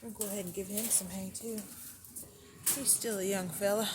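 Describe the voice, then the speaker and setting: A woman giving a relaxed, chatty tour of her rabbit barn as a breeder, pausing now and then between thoughts. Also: mid-range voice. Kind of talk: casual walkthrough narration. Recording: noisy barn ambience. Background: barn ambience noise.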